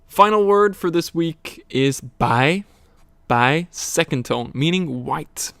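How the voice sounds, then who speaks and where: A man teaching a recorded language lesson, slowly explaining words, tones and examples. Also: on the high side, animated, vocal fry, a bit bright, no room sound.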